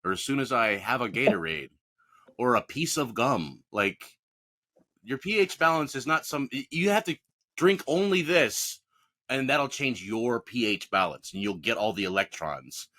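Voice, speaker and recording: A man's voice: mid-range voice, lively intonation, normal speed, bright, forceful tone. A man co-hosting a podcast in casual chat, making sarcastic, jokey asides. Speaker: podcast co-host.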